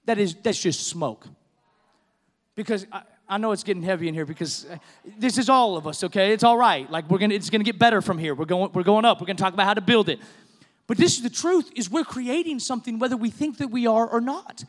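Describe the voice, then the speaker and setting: A middle-aged male pastor preaching with passion, his voice sitting very high for a man. It rings out through a large hall with a long reverb behind it. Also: fast talker. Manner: impassioned preaching, rising to shouts. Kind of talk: sermon.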